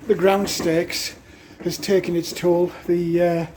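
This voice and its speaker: A vlogger talks through a job outdoors, breathless from the work and pausing often with an "uh" or a small laugh. The delivery is slow and the voice mellow, with a faint hiss of outdoor air behind it. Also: medium pitch, level tone. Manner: chatty, halting, with frequent "uh" and little laughs. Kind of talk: casual narration while working. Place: outdoors at a woodland cabin.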